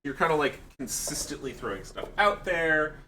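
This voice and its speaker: A man's voice: a little high, animated, normal speed, sharp tone, a little hiss or hum. A man casting a live esports match, calling the plays and then chatting casually and wearily with his co-caster. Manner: tired, casual, yawning. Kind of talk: live esports play-by-play and chat.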